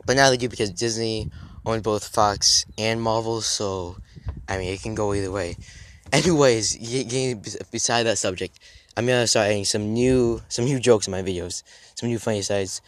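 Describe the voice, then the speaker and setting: A young man talking casually and haltingly to camera outdoors, often restarting sentences and drifting between topics. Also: lowish voice, steady tone. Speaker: fitness YouTuber. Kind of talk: rambling casual vlog talk.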